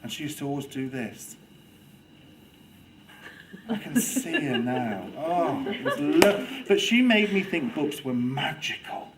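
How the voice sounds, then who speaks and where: A man giving a lively, theatrical talk to a student audience on children's reading, playing for laughs. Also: on the high side, slow, very noisy. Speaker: guest speaker on children's reading. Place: lecture room with audience.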